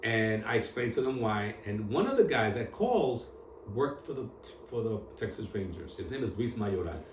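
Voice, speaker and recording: Animated New man in his 60s, roomy and distant. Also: on the low side, normal speed. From New York. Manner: animated, street slang, mixes in Spanish. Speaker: founder telling his story. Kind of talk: on-camera storytelling interview. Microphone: camera at a distance. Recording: echoey room, voice from off-mic, faint hum.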